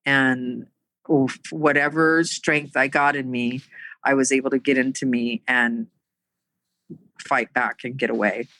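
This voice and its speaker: A middle-aged woman telling her own life story in a halting, earnest way, with many pauses and fillers. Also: very deep voice, steady tone, fairly bright tone, no echo, low-quality recording. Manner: earnest and emotional. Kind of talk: personal storytelling.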